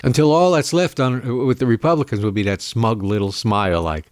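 A man hosting a show, ranting in sarcastic, indignant political commentary with frequent filler pauses. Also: mid-range voice, lively intonation, dry recording, clean studio sound. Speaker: podcast host.

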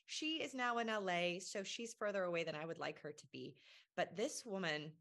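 A woman hosting a faith podcast, teaching with earnest emphasis and chatting warmly with a friend. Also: lowish voice, moderate pace, vocal fry, no room sound. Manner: earnest, emphatic, laughs often. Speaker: podcast host.

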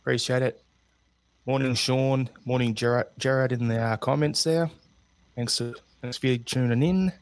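A man's voice: medium pitch, steady tone, moderate pace, dry recording. A man with an Australian accent hosting a casual podcast chat in a friendly, laid-back way. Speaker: podcast host.

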